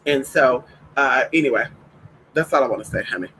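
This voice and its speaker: A man's voice: medium pitch, brisk, pushed and bright, a little hiss or hum, poor audio. A man hosting a spiritual livestream in casual chat. He talks effusively, repeats himself, swears freely, and calls viewers "honey.".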